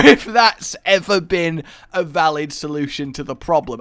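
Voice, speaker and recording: Animated man commenting on gameplay. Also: fairly high pitch, normal speed, hardly any pauses, no room sound, clean studio sound. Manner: rambling, self-mocking, theatrical asides. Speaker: gaming YouTuber. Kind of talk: Let's Play commentary.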